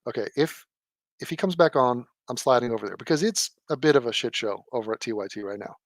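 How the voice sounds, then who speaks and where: Man, mid-pitched, sarcastic live commentator, dry close sound. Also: animated, fast, no room sound. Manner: sarcastic, mocking, mimics people in a low mumble. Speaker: political commentator.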